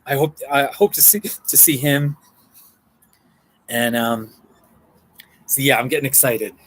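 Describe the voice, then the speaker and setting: A man's voice: medium pitch, unhurried, fairly bright tone, rough recording. A man chatting casually on a live stream from a coffee shop, rambling and answering viewer comments. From Colorado.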